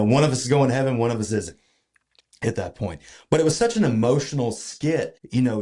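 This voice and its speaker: A man telling a long story in a casual podcast chat, full of fillers and restarts. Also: on the low side. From Georgia, US. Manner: animated, filler-heavy retelling with many restarts. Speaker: podcast guest.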